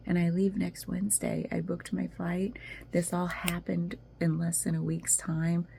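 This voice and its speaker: A woman's voice: lowish voice, level tone, measured pace, vocal fry, noisy background. A woman talking casually in a video journal, rambling and emotional as she confides personal news. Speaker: vlogger.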